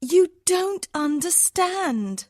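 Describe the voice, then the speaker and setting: A man's voice: extremely high pitch, very animated, very slow, a little mellow, pitched above the performer's own voice, exaggerated voice. A man reading a story aloud, voicing an anxious young woman traveller who pleads urgently.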